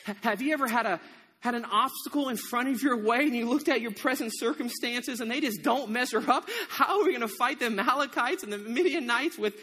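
A man performing a first-person monologue as the biblical farmer-hero Gideon, telling it in an animated, exasperated, wry way. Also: very high voice, brisk, slightly rough, full character voice. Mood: rousing. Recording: echoey hall reverb.

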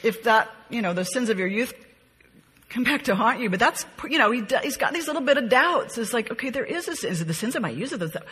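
A woman's voice: on the high side, expressive, fast talker, a bit bright, breathy edge, long reverb tail. A woman leading a conversational Bible study, reading scripture aloud with expression and then musing on it in a chatty, reflective way. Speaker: Bible teacher.

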